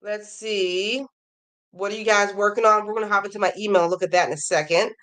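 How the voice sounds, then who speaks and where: A woman hosting a crochet podcast reads out viewers' emails, chatting casually and gushing enthusiastically over their work. Her medium-pitched, slightly bright voice is fairly even and a little fast, though she's slightly losing it and sounds a bit worn.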